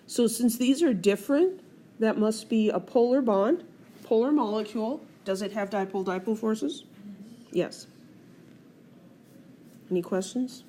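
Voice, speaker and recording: A woman's voice: on the high side, expressive, a little slow, long pauses, warm tone, slight background noise. A woman teaching chemistry in a screencast lecture, explaining step by step and putting questions to the class. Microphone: tablet screencast recording.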